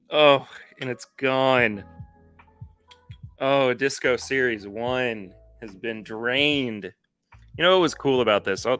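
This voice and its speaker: A weary man hosts a live podcast stream and chats loosely with viewers, often stopping to correct himself. His voice sits somewhat low but has a bright, forceful edge. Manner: rambling, self-correcting, chatty with viewers. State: tired. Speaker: podcast host. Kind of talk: casual live-stream chat.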